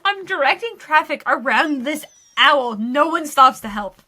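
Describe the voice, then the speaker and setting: A young adult woman co-hosting a podcast, telling a story in casual chat with animated, breathless energy and a lot of laughter. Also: high voice, moderate pace. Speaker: podcast co-host.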